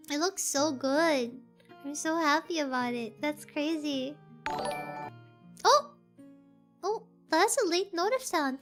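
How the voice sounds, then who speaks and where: Squealing, very high-voiced woman streamer. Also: takes it slowly, long pauses, faint music behind. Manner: gushing, squealing with excitement. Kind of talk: casual livestream chat.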